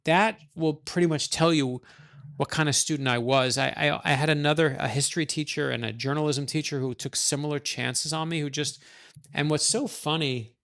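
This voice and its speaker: A middle-aged man from New York, an author guest, telling stories in a quick, animated way and acting out the voices of people he quotes. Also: fairly high pitch. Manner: animated, fast-talking storyteller, acts out quoted lines. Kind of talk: conversational storytelling.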